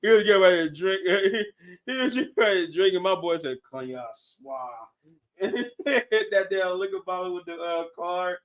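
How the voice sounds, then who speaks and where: A man hosting a podcast in casual chat, excitable and laughing often, restarting his sentences as he talks. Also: high-pitched, moderate pace, far from the mic. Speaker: podcast host. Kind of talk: casual chat reviewing shows and movies.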